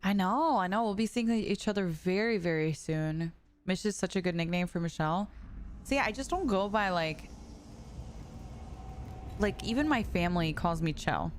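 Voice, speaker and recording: A woman's voice: on the low side, animated, moderate pace. A young woman live streaming as she plays a game, chatting casually with her viewers, swearing and laughing often. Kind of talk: casual live-stream chat while gaming. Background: music.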